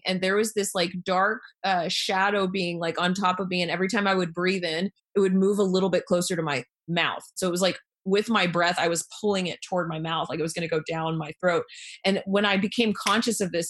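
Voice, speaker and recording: A woman telling a personal story in a casual, animated way, acting out what people said with lots of "like" fillers. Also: on the low side. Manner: animated, acts out quoted lines, many fillers.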